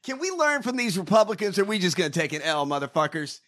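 High-voiced man on a profane rant. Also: big pitch swings, quick pace. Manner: profane, fired-up ranting, shouts now and then. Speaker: podcast co-host. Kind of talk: casual ranting chat.

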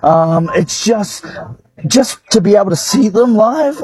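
Male fan in a clip, high voice, halting and emotional delivery. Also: expressive, a little mellow, breathy edge, no room sound, low-quality recording. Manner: emotional, halting, repeating himself. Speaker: interviewed sports fan. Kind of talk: clip in a radio segment.

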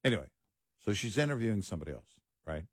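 Low-ish voiced radio cohost guy, laid back, lots of yeah right, dry sound. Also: rapid-fire, breathy edge, no echo. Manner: frequent short agreements, relaxed storytelling. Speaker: radio show co-host. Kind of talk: casual chat.

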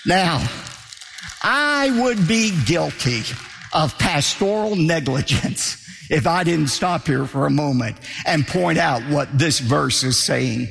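A man's voice: a little high, animated, slow, gravelly, fairly bright tone, long reverb tail, soft background music. A man preaching a sermon as pastor, emphatic, asking rhetorical questions and hammering points home with repetition.

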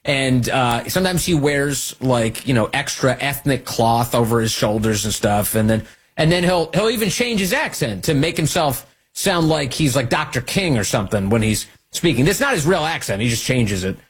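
A man hosting a political talk radio show, mocking and animated, sometimes squealing up high to mimic people. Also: normal speed, husky. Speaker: radio host.

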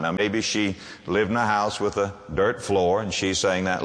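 A man preaching a sermon to a congregation, emphatic and quick to ask them rhetorical questions. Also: fairly low pitch, fairly even intonation, a bit bright, in a large hall.

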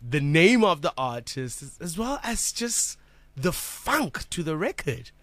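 A man's voice: a little high, very animated, measured pace, a bit bright, dry recording. A man hosting a radio show, teasing his co-hosts and laughing often. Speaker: radio host. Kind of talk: casual radio banter. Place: radio studio.

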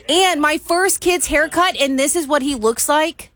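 A woman's voice: high voice, unhurried, fairly bright tone. A woman co-hosting a casual radio show, telling a story in a dramatic, exasperated way. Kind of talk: casual morning radio chat.

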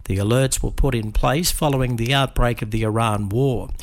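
A man reading a radio news bulletin in a steady, measured way. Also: medium pitch. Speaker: newsreader.

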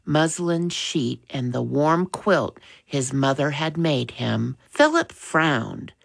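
Woman, storybook narration, low voice, gravelly, slow, expressive, dry sound. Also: dry recording. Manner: measured, expressive.

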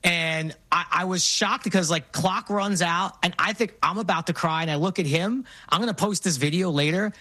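A man in his forties from New York, co-hosting a casual chat and telling stories in an animated way with frequent restarts. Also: sits high, normal speed, hardly any pauses, no room sound. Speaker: co-host.

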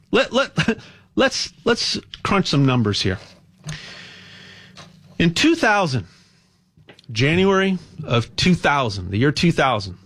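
A man hosting a casual promotional monologue, rambling and animated, stumbling over frequent restarts as he urges listeners to buy gold. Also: on the high side. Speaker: host pitching gold buying.

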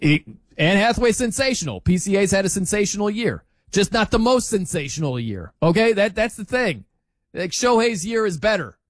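A man hosting a sports talk show, arguing his point in an incredulous, animated rant with laughs between points. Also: high voice, no room sound, poor audio.

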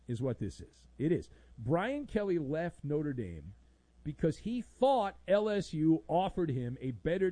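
Man, sports talk host, high lively voice, sarcastic, dry close sound. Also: no room sound, low-quality recording. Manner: sarcastic, theatrical, mocks with put-on bits. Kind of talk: animated sports commentary.

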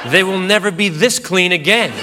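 A man doing stand-up comedy, telling a story in an animated way and acting out the voices in it. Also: high-pitched, moderate pace. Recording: live room with audience laughter and noise.

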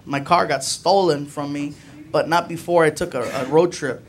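A man's voice: on the high side, fairly even intonation, moderate pace, soft background music. A man doing stand-up comedy on a club stage, telling a story animatedly and acting out every character. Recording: noisy live club recording.

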